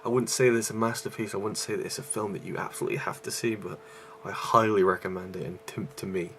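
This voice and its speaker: A man talks through a movie review, his deep voice catching on a gravelly rasp. He is out of breath and rambles, with many ums and restarts. A faint hum sits under the recording. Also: steady tone, quick pace, fairly bright tone. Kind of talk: casual vlog review.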